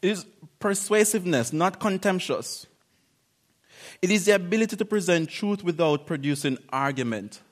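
Male preacher, conversational and animated, fairly high voice, laughs now and then. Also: normal speed. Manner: conversational, animated, acts out quotes, laughs often. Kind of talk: informal sermon.

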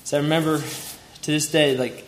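On the high side, with little pitch movement and normal speed, a young man delivers a memorial tribute speech. As a family friend, he tells fond, heartfelt stories and chuckles through them, recorded in a roomy hall with faint ambience.

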